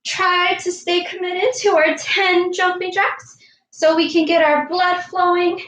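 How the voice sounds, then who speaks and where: A woman coaching young girls through an online warm-up and lesson, counting aloud in an upbeat way and calling herself by name in the third person. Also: very high-pitched, flat delivery, measured pace. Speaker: youth sports coach. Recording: echoey room.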